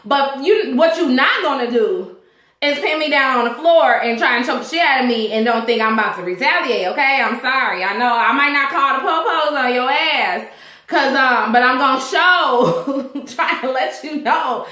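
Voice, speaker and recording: A young woman talks through a TV episode in a loose, animated vlog, swearing freely and slipping into the characters' voices. Her voice sits high and bright, and the room around her is echoey. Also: normal speed. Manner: animated, profane, acts out characters' lines. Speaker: TV show reviewer. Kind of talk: casual vlog recap.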